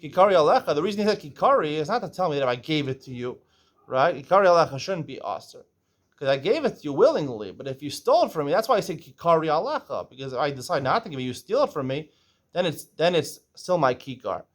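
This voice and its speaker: A man's voice: a little high, very animated, fast talker. A man teaching a casual Talmud lesson. He reads Aramaic phrases aloud, translates them, and explains each step, often checking in with "right?".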